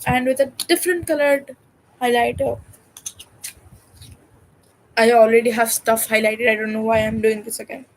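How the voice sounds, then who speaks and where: A woman's voice: on the high side, steady tone, moderate pace, long pauses, low-quality recording. A young woman, reading a textbook aloud on a study livestream and breaking off for jokey, cussing asides. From India. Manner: distracted and chatty, breaks off reading for joking, swearing asides. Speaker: student livestreamer.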